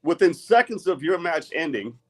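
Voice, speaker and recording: A man's voice: fairly high pitch, very animated, normal speed. A middle-aged man, an arm wrestler, speaking bluntly and with a lot of swearing in a heated live-stream rant. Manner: profane, blunt and agitated.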